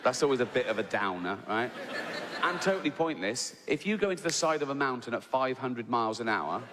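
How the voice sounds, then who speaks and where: A man's voice: mid-range voice, lively intonation, a little fast, background noise. A middle-aged man doing stand-up comedy, telling loose, profane, mocking stories and tagging lines with "right?". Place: large theatre stage. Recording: big hall reverb, faint crowd ambience.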